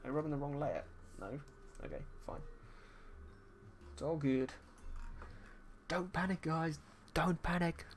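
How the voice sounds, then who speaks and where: A man's voice: on the high side, animated, a little slow, long pauses, a little hiss or hum. A man chatting casually with his viewers on a livestream while he paints, playful and jokey as he reads the chat aloud. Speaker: livestreaming artist.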